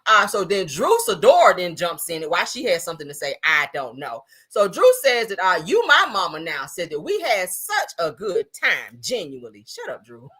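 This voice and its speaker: Sassy woman gossip host, bright sharp voice, pitch jumps all over, laughing loud. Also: wildly swooping pitch, normal speed, few pauses, husky. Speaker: commentary channel host. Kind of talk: casual gossip commentary.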